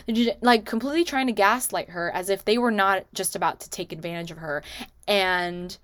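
A woman's voice: medium pitch, fairly bright tone, dry recording. Chatty woman recapping movies. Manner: chatty, many "like" and "you know" asides; acts out characters' lines in quick quotes. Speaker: movie recommendation vlogger.

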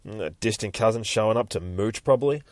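Profane low-voiced comic podcast host. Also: male voice, quick pace, no echo. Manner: profane, rambling, joking. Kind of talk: casual comic book reading and commentary.

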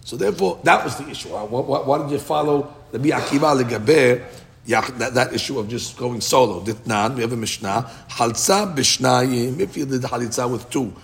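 A man's voice: medium pitch, vocal fry. A man teaching a Talmud study class, explaining in English with chanted Aramaic quotes and frequent restarts.

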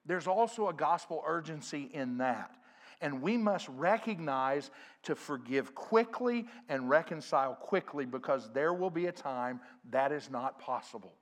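A middle-aged man preaching a sermon as pastor, earnest, growing louder when he quotes scripture. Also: on the high side, expressive, a little slow. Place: church sanctuary.

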